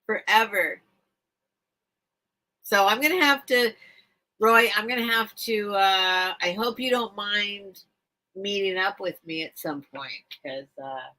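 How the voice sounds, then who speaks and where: Slow-talking bright-voiced woman chatting live. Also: medium pitch. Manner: emotional, rambling, repeats herself. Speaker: live-stream seller and host. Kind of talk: casual live-stream chat with viewers.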